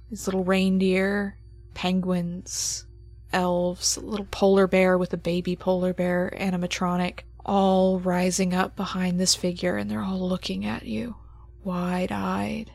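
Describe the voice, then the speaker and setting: A woman game master narrating a horror tabletop game slowly and dramatically, often dropping to near whispers for suspense. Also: mid-range voice, flat delivery, creaky, darkish tone, dry recording.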